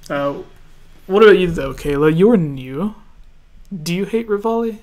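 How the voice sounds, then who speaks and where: A man from Canada hosting a casual gaming podcast, relaxed and laughing often as he reads listener questions. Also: sits high, a little slow. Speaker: podcast host.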